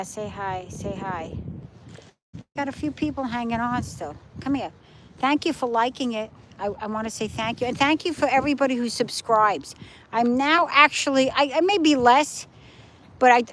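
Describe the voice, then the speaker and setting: Walking her dog along the ocean at night, a middle-aged livestream host talks chattily to viewers through the phone in her hand, pointing things out as she goes. Her voice leans high, and the rough recording carries a little hiss or hum.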